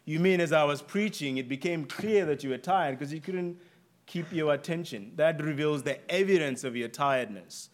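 A man with a noticeable accent preaching a sermon, earnest and emphatic, repeating key phrases for weight. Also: on the high side. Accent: non-native English accent. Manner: earnest, emphatic with deliberate repetition.

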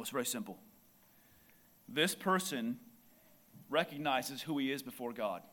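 A man preaching a sermon in church, impassioned and building to near shouts. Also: medium pitch.

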